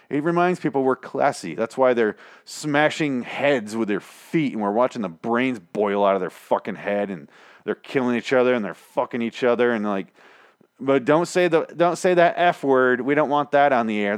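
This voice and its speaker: A man's voice: medium pitch, dry recording. Guy rambling through a tv recap, swears a lot, rants, dry mic. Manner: profane, rambling, ranting. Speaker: podcast host recapping a TV episode. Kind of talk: casual recap chat.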